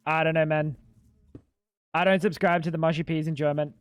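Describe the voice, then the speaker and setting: A man's voice: a little high, steady tone, fairly quick, clear, resonant tone, no room sound. A young adult man streaming a game live, joking and chatting playfully with his viewers. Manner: joking, playful, talks to chat. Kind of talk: casual live-stream chat while gaming.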